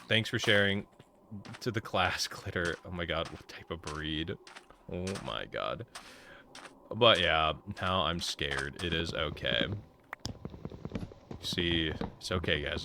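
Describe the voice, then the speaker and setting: Low-voiced male streamer, noisy mic. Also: bright, forceful tone. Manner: rambling, chatty, talks to chat. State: slightly sore voice. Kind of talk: casual live-stream chat while gaming.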